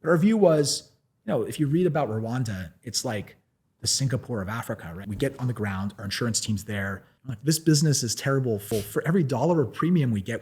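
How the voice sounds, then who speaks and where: Fast-talking husky American man. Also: medium pitch. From United States. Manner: animated, full of "like" fillers and restarts, laughs often. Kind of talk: casual anecdotal storytelling.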